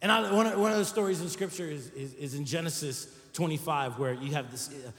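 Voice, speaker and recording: A high-pitched male pastor delivers a sermon in a chatty, conversational way, tossing "right?" to his listeners again and again. His voice carries through a large church hall with a long, ringing echo. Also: brisk, a bit bright. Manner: conversational preaching with frequent "right?" asides. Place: church sanctuary.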